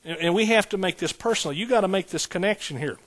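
A man's voice: sits high, quick pace. A man preaching a sermon as pastor, building points through rhythmic repetition and folksy asides.

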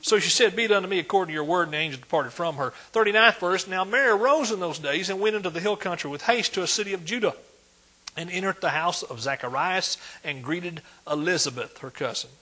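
A man with a high-pitched, breathy-edged voice preaches a sermon fairly quickly and animatedly. He's emphatic, swinging between loud declarations and hushed asides.

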